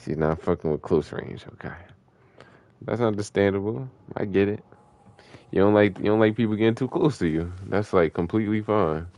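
A man giving live commentary while he plays an online game, talking casual and slangy with sudden excited yelps. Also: lowish voice, normal speed, no echo. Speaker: gaming streamer.

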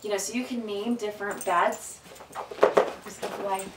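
A woman's voice: normal speed, distant mic, heavy background noise. Woman dog trainer in an echoey room. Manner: explains calmly, then gives sharp upbeat commands and high praise to the dog. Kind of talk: hands-on training demonstration.

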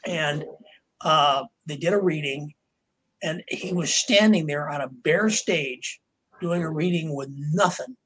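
A man's voice: a little high, measured pace, fairly bright tone, breathy edge, poor audio. An older man, a writer being interviewed, telling long anecdotes with plenty of fillers and restarts. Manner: rambling, with many fillers and acted quotes of others. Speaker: author and interview guest. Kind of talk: anecdotal storytelling in a podcast interview.

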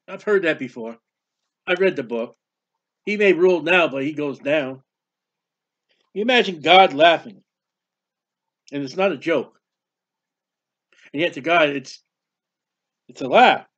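A man preaching a sermon, animated and emphatic, reading scripture aloud. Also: on the high side, measured pace, pauses often. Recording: dull lo-fi sound.

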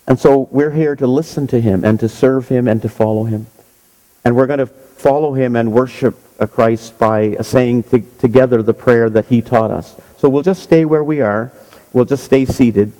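A man leading a church service, telling a children's story and guiding a congregation, gentle and a little halting. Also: mid-range voice. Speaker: minister. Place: church sanctuary. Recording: long church reverb.

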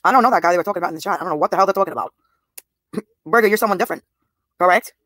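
A woman's voice: lowish voice, rapid-fire, a bit bright, no echo, clean studio sound. A woman in her thirties livestreaming, talking bluntly and profanely straight to her viewers' comments. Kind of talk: live stream talk to chat.

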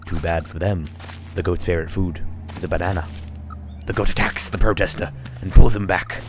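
A man's voice: deep voice, steady tone, a little fast, slight background noise. A man giving rambling, silly let's-play commentary, narrating his character in a joking third-person voice. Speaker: gaming YouTuber.

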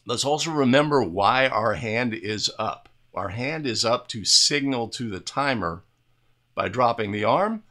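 A man's voice: medium pitch, expressive, measured pace, bright, forceful tone. A man breaking down recorded plays as an instructor, explaining step by step and often checking in with "right?". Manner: explanatory, repeatedly tags statements with "right?"; restarts and fillers while talking over video. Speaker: basketball officiating instructor. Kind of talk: video play review commentary.

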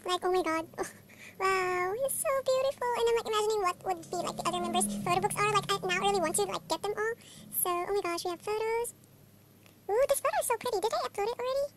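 A young woman from the Philippines chatting through a fan unboxing, gushing and excitable, with constant exclamations. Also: extremely high pitch, quick pace. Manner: gushing, excitable, many oh-my-gods. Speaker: vlogger. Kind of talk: casual unboxing chat. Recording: faint background noise.

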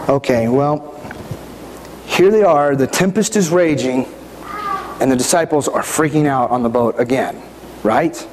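A middle-aged pastor delivers a sermon in a church, talking in a conversational way and frequently putting questions to the congregation. He speaks at a medium pitch, unhurried and with frequent pauses, in a reverberant hall with faint background noise.

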